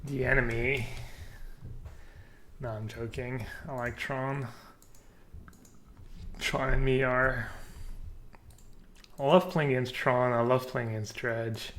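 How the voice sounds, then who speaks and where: A young man whose first language is French, casually commenting on his own card game as he streams, thinking aloud with many pauses and fillers. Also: mid-range voice, fairly even intonation, a bit bright, slight background noise.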